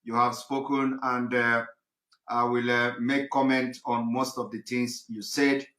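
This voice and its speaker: Male host, medium pitch, bright tone, halting delivery, echoey room sound. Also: little pitch movement. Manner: hesitant, with many fillers. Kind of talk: talk show moderation. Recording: roomy echo.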